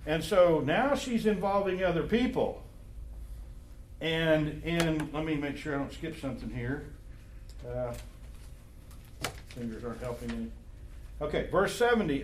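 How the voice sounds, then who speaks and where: Leading an informal Bible study, this fairly high-pitched man quizzes the group conversationally. The echoey room recording carries a little hiss or hum.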